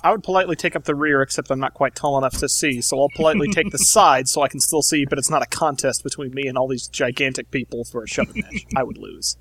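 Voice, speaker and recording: A man's voice: mid-range voice, quick pace, few pauses, a bit bright. A man playing a tabletop game, describing his character with wry sarcasm. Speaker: player.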